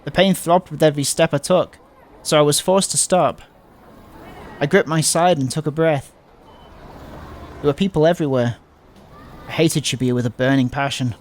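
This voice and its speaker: A man's voice: a little high, normal speed, long pauses. A man reading a visual novel aloud, voicing the panicky narrator with stumbles and fearful outbursts. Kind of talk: dramatic read-aloud of a game.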